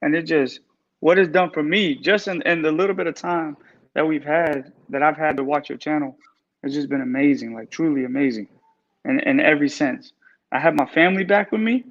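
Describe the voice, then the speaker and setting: A man's voice: a little high, a little fast, dull audio. A man calling in to a live stream, gushing with grateful, repetitive praise as he talks about his recovery. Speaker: guest caller in recovery, barber. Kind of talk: emotional live-stream call.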